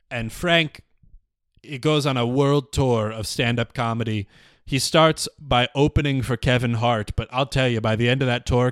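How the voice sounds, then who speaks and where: A man's voice: medium pitch, dry recording. A man hosting a solo comedy podcast, telling a story in a rambling, profane, mock-serious way on a close mic. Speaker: podcast host.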